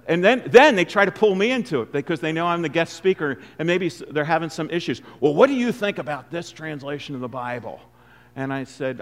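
An older man preaching a sermon as a guest speaker, conversational and then emphatic on key points. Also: fairly high pitch. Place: church sanctuary. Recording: long hall reverb.

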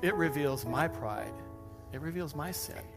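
A man's voice: on the high side, a little slow. Man preaching a sermon over music. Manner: humorous, self-deprecating, animated asides. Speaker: pastor. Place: church stage before a congregation. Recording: music playing behind the speaker.

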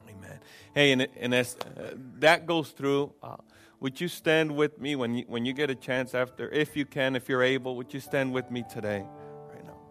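A man's voice: mid-range voice, fairly even intonation, moderate pace, a bit bright, faint music behind. A man preaching a sermon and leading prayer at a church service, with fervent delivery, repeated phrases and frequent fillers. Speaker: pastor.

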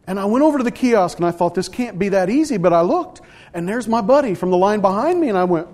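A man preaching a sermon, telling a story with animated swings from loud outbursts to hushed asides. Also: sits high, fast. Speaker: pastor.

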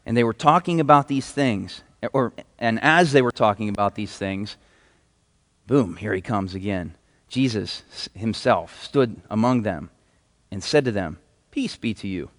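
A man preaching a sermon as a pastor in a casual, enthusiastic way, reading scripture aloud. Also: mid-range voice. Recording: hall reverb.

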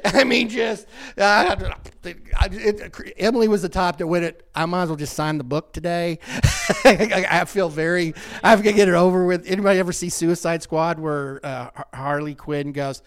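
A middle-aged man spins personal stories in a loose, chatty way, laughing often and cutting himself off mid-sentence. His voice sits a little higher than most men's. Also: normal speed, hardly any pauses. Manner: animated, laughs often, self-interrupting. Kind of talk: casual storytelling chat.

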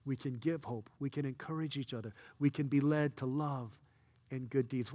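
Male pastor, mid-pitched, lively storyteller, soft to loud. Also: normal speed, long reverb tail. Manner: storytelling, swings between soft and loud, excited. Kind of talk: sermon.

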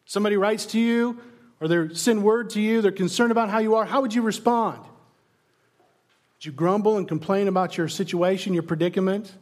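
High-voiced man preaching with rhetorical questions. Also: moderate pace. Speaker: pastor. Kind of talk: sermon.

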